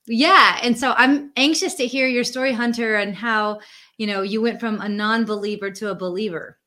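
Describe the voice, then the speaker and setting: A woman's voice: fairly high pitch, moderate pace, bright, forceful tone. A woman hosting a podcast, asking curious, prompting questions in a casual chat. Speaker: podcast host. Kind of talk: casual interview.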